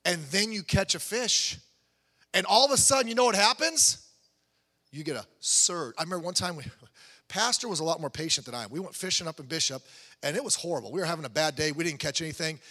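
A man preaching a sermon in a conversational, animated way, building to emphatic peaks. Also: on the high side, fast. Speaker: pastor. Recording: long hall reverb.

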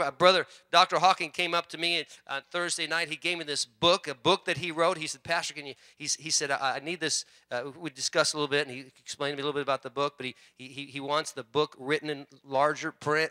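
A male pastor preaching a sermon with prayer and scripture reading, fervent and rising loud on his exhortations, often repeating words. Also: fairly high pitch, clear, resonant tone, dry recording.

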